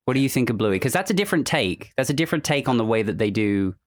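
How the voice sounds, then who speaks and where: A podcast host interviewing a guest in a loose, chatty way, piling up restarts and emphatic asides. The voice sits at a middle pitch and the sound is close and dry. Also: expressive, fast talker, no room sound.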